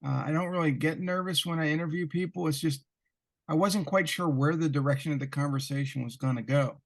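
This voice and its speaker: A man's voice: fairly high pitch, fairly quick, vocal fry. A man hosting an interview podcast, chatting casually and chuckling mid-sentence. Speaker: podcast host. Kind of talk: conversational interview.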